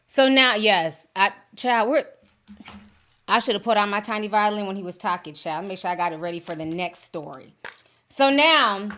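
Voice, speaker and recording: A woman's voice: medium pitch, fairly bright tone. A woman hosting a celebrity news vlog, blunt and sassy, talking straight to her viewers. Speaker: host.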